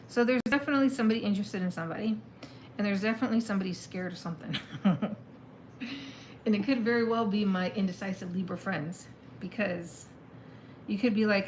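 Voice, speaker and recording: A woman reads tarot cards in a loose, chatty way, mulling things over out loud. Her voice sits in an average middle pitch. A faint hum of room ambience stays in the background. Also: fairly quick, poor audio. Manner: chatty, thinks aloud, exclaims at the cards. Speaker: tarot reader. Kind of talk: casual live tarot reading.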